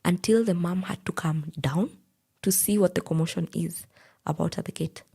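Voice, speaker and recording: A young woman with a Kenyan accent recounts her own story in a breathy, half-whispered, intense voice. Her tone sits low and dark, with a heavy gravelly rasp and a very husky edge. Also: normal speed. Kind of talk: personal storytelling.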